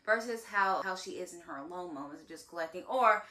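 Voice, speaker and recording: A woman co-hosting a casual drama recap, giving expressive, reflective commentary. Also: lowish voice, fairly quick, roomy sound. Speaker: podcast co-host.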